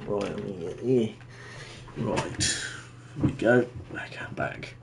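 A man's voice: on the low side, steady tone, unhurried, creaky, a bit bright, slight background noise. A man chatting casually with his viewers while streaming a game from his bedroom, laughing often and bantering with the chat.

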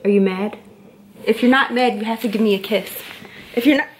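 A woman's voice: on the high side, a little fast, a little hiss or hum. A young woman, teasing her boyfriend in a casual prank vlog and asking the same questions again and again. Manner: teasing, playful, repeats questions. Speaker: vlogger.

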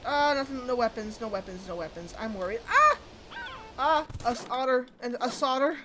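A woman's voice: on the high side, expressive, fairly quick, background noise. A woman giving casual, jokey commentary while playing a game, chatting away and shrieking when startled. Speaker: gaming video host.

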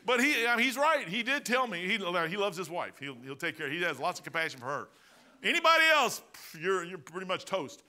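An older man with a Midwestern American accent preaches from the pulpit, his voice bright and sitting a little high. He tells stories with lively swings between loud exclamations and hushed asides. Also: brisk. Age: 60s. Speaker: pastor. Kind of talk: sermon.

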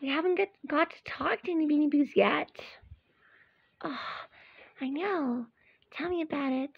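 A woman voicing her toys in a play-acting video, squeaky and bickering as she switches between characters. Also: moderate pace, creaky, no room sound, highs cut off.

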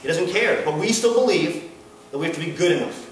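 A man's voice: fairly high pitch, animated, fairly quick, far from the mic. A young man preaching an earnest, emphatic sermon to a student fellowship. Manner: earnest, builds to emphatic peaks, acts out a screaming son. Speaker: campus fellowship speaker. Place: large hall at a student gathering. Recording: echoey hall recorded from afar.

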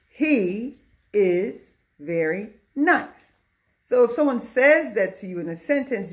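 A middle-aged woman teaching young children a lesson in a patient, sing-song way. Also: a little high.

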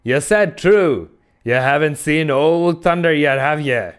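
A man voicing a ragged old sailor prophet who speaks with earnest, dark insistence in old-salt dialect, in an audiobook reading. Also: fairly high pitch, slow, smooth, voice pushed up. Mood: ominous. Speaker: audiobook reader.

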